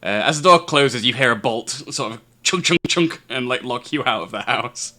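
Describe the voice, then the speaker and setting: A man's voice: medium pitch, moderate pace, sharp tone. A man, narrating a tabletop game as game master. He stammers and restarts often and chuckles a lot.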